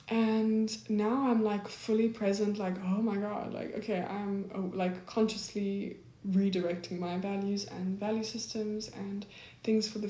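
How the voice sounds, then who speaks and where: A young woman talking casually and earnestly about a breakup, full of likes and ums, reflective and soft. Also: a little high, roomy sound. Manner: soft, earnest, heavy use of like and um. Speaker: host giving breakup advice.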